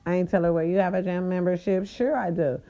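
A woman hosting a podcast, telling a story in a casual, sassy way and swooping her voice up high for emphasis. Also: fairly even intonation, fast, dark tone, highs cut off. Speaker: podcast host.

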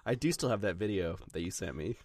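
A man co-hosting a casual tech podcast who chuckles often and fires off quick questions. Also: low voice, lively intonation, background noise. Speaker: podcast co-host.

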